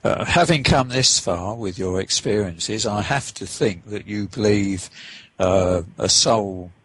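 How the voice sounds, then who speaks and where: A man's voice: on the low side, slightly rough, rough recording. A man hosting an interview and asking thoughtful, hesitant questions. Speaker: interviewer host.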